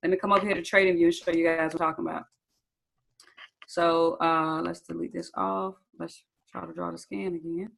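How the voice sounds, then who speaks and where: A woman's voice: on the low side, flat delivery, fairly quick, creaky, fairly bright tone, poor audio. Chatty young woman teaching a live class. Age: young adult. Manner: casual, chatty, addresses viewers as "you guys" and "y'all"; checks in often with "okay?" and asks for chat answers. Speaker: trading instructor. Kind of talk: live screen-share training session.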